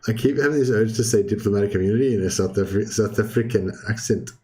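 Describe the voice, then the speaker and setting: A young man casually commentating his strategy game play, thinking aloud with many filler ums and the odd throat clearing. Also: on the low side, fast, a little mellow. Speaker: gaming video host.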